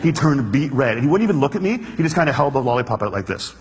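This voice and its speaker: A man's voice: medium pitch, sing-song, noisy background. A man giving an earnest, storytelling stage talk to an audience. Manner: storytelling, earnest, quick, plays the room for laughs. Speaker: speaker. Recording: hall reverb.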